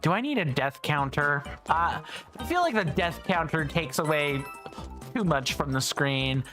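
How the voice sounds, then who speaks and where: A woman livestreaming a video game, chatting in a loose, self-deprecating way and tripping over her words, with a little phlegm in her throat. Her pitch jumps around a lot, and clear game music runs underneath. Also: expressive, unhurried, a bit bright. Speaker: streamer. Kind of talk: casual live game commentary.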